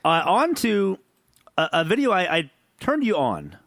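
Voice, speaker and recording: A man's voice: sits high, wildly swooping pitch, a little slow, fairly bright tone, no echo, clean studio sound. A man co-hosting a podcast in casual chat, tipsy, rambling, profane and laughing often. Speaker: podcast co-host.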